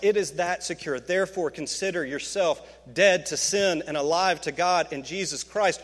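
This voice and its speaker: A man preaching a sermon, swinging from hushed, slow lines to emphatic, rising peaks. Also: in a large hall. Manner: emphatic, rising to fervent peaks, dropping low and slow for quoted words. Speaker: pastor.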